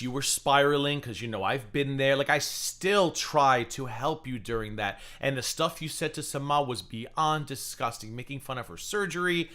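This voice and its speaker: American guy ranting on his stream, bright voice, cussing and mocking people. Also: medium pitch. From United States. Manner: profane, mocking, combative. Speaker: livestream host. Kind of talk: heated livestream commentary.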